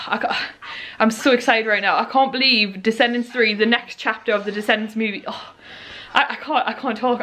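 A young woman vlogging at home in a rushed, gushing and excitable way. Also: on the high side. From United Kingdom. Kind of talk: casual vlog chat. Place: at home in a living room. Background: television audio.

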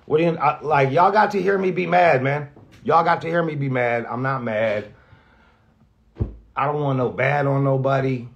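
A man's voice: mid-range voice, normal speed, creaky, slight background noise. A man, a radio host, talks casually and rambles with lots of profanity, often restarting his sentences and getting emotional. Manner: emotional, near tears at times. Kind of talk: casual spoken farewell message.

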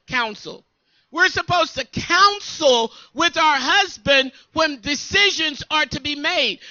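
A woman co-pastor preaches emphatically, calling for the congregation to answer her. Her voice is very high and piercingly bright. It comes through dry and a little muffled. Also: no room sound. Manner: emphatic, call-and-response preaching. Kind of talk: sermon.

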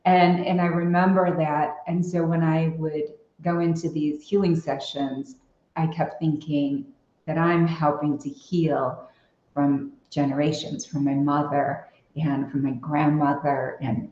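A woman's voice: low voice, little pitch movement, slow pace, warm tone, roomy sound, lo-fi sound. A woman guest on a podcast, telling personal stories in a reflective, casual way with many fillers. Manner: reflective storytelling with frequent fillers. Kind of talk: casual conversational interview.

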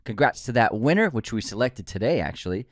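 A man's voice: medium pitch, sing-song, fairly quick, dry recording, studio quality. A man co-hosting a casual movie podcast, joking, laughing easily and reading a sponsor spot with energy. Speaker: podcast co-host.

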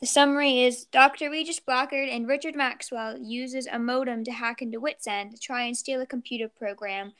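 Earnest, slightly high-voiced woman co-host. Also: fairly even intonation, normal speed, hardly any pauses, a bit bright. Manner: earnest, rambling with fillers. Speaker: podcast co-host. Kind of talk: casual chat and read summary.

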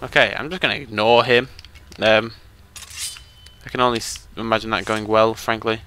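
A man's voice: fairly low pitch, a little slow, long pauses, pushed and bright. A young British man giving chatty, joking live commentary over a game he is playing. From Britain. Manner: chatty, joking, talks to the viewers. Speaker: let's play commentator.

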